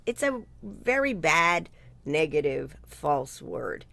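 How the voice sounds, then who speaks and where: A woman's voice: sits low, very animated, slow, vocal fry, pushed and bright, no room sound. An older woman telling a story in a casual chat, blunt and salty-tongued, laughing often. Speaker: guest speaker. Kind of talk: casual video-call chat.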